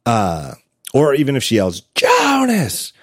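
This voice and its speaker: A man's voice: low-pitched, expressive, normal speed, a little mellow, no echo, clean studio sound. A man hosting a podcast in casual chat, telling stories with frequent laughs and self-corrections. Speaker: podcast host.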